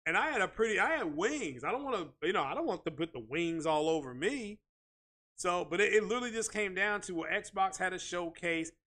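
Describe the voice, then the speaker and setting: A man hosting a tech video channel, ranting in casual commentary, animated and repetitive and leaning on "you know" fillers. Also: high-pitched, brisk.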